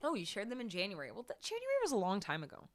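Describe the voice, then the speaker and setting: A young woman hosts a singing livestream from a home room lined with foam sound panels, chatting casually with her viewers and the live chat. She repeats her phrases and laughs between them, her mid-range voice racing along with huge swings in pitch.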